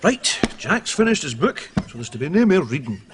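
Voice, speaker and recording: An actor playing a grumpy older Scottish man who bickers over books, with a gruff Scottish accent. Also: on the high side, big pitch swings, moderate pace, heavy background noise.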